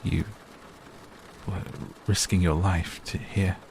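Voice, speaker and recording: A man's voice: low-pitched, unhurried, slight background noise. A man reading a pained, guarded young man. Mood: flat. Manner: flat, guarded.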